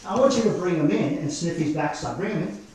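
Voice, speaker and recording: A man's voice: fairly high pitch, a little fast, a little hiss or hum. Australian man dog trainer, echoey and distant. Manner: instructive, calm commands to dogs. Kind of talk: explaining while demonstrating. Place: studio. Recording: echoey room, mic at a distance.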